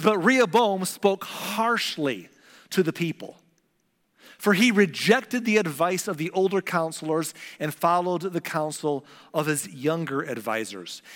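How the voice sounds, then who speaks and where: A man's voice: a little high, big-room sound. A man preaching a sermon, retelling scripture in casual modern words and acting out the people in it. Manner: animated, acts out the characters in casual modern speech. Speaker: pastor.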